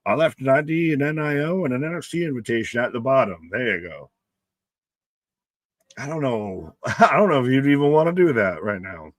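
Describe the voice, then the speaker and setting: A man's voice: mid-range voice, lively intonation, moderate pace, no echo. A man hosting a casual live stream, calling the match play by play and reading chat comments aloud, loose and profane and often laughing.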